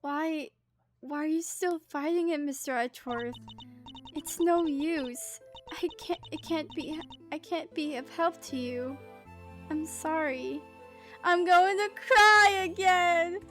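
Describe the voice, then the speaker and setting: A woman as scared young girl, tearful, pleading, halting, high voice. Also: a little mellow, soft background music. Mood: despairing. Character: frightened young woman accused of murder. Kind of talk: reading game dialogue aloud.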